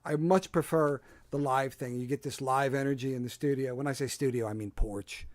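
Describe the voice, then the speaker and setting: Speaking at a medium pitch with fairly even intonation and a slightly quick pace, this man hosts a casual solo livestream from his home porch setup, using a desk microphone with no room sound. He has a Delaware County Philadelphia accent and rambles in a self-deprecating way, full of fillers.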